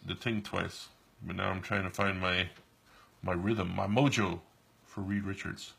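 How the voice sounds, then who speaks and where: A man's voice: sits low, level tone, unhurried, gravelly, fairly bright tone, breathy edge. A man from New York co-hosting a live stream, chatting casually and telling rambling stories with many restarts while he draws. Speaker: co-host and artist drawing live. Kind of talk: casual chat while drawing.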